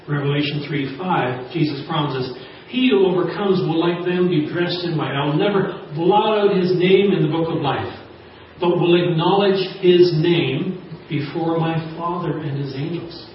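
A man preaching a sermon, reading scripture and stressing each point. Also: on the high side. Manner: emphatic, spells out acrostic points and reads scripture. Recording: echoey, dull, distant recording with faint noise.

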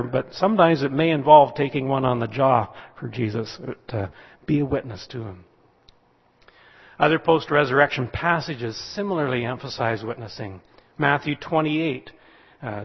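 A man preaching a sermon in an easygoing, conversational way, often stopping on fillers as he goes. His voice has a slightly husky edge. The sound is dull and lo-fi, with a long reverb trailing off the walls. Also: medium pitch. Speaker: pastor.

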